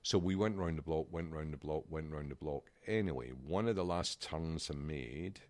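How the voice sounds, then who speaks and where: A man's voice: a bass voice, moderate pace, dry recording. A man co-hosting a podcast, telling a story in a casual chat and acting out the other people's voices. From United Kingdom. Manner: animated, acts out quoted voices. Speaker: podcast co-host. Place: small room at a desk.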